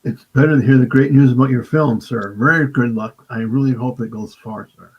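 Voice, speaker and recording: A man from the United States, guest author in an interview, halting and polite, often saying "sir". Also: mid-range voice, slightly rough. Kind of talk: casual interview. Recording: dull lo-fi remote line.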